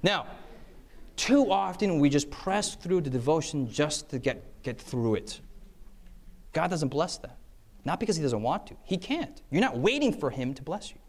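A man's voice: on the high side, very animated, moderate pace. A man giving a sermon, telling stories and checking in with his listeners as he goes. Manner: engaging, checks in with listeners with "okay?" and "yes?"; acts out quoted voices mid-story. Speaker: preacher giving a talk on time management. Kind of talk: sermon with storytelling.

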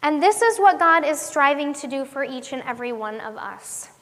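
A woman's voice: high-pitched, lively intonation, normal speed, a bit bright. A woman giving an earnest devotional sermon in a conversational way, asking her listeners questions as she teaches. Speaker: ministry teacher. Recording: long hall reverb.

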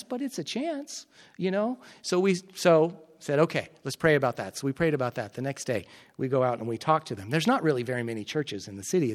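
A middle-aged man, a missionary speaker, telling an animated story to an audience, his voice rising in the exchanges he recounts. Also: medium pitch. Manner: animated, lively storytelling that gets loud in quoted exchanges. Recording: echoey hall recording.

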